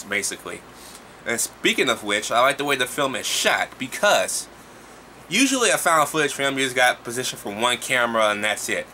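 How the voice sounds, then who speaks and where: A man giving a casual, profane movie review, talking in an animated, exasperated way. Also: medium pitch, a little hiss or hum.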